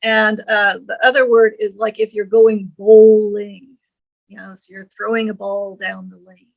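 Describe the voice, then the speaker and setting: A woman's voice: medium pitch, flat delivery, vocal fry, highs cut off. A woman lecturing on English grammar, reading examples aloud and explaining them with frequent ums and uhs. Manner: slow, deliberate, reads quoted lines slowly; frequent fillers like um and uh.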